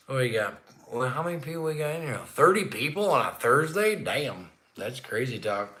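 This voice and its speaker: A man's voice: mid-range voice, sing-song, moderate pace. Profane ranting man on a livestream. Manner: profane, swings between grumbling and shouting. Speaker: livestream host. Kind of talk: ranting casual livestream chat. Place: indoor room at home, not the barn. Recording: echoey room.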